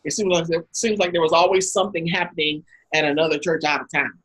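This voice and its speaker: A woman hosting a talk over a video call, telling lively anecdotes and acting out the people in them. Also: deep voice, quick pace, slightly rough, rough recording. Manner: animated anecdotes, acts out quotes with laughs. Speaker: host. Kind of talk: casual storytelling talk.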